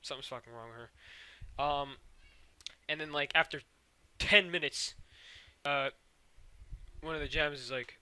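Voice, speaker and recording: A man's voice: a little high, a little slow, long pauses, pushed and bright, smooth. A man recapping cartoon episodes in a rambling, profane way, full of fillers and sound effects. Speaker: show recapper.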